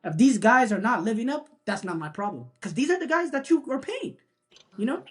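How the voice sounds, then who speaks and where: A woman's voice: a little high, big pitch swings, fairly quick. A woman co-hosting a casual sports debate, emphatic and opinionated, with many "you know"s. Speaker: sports podcast co-host.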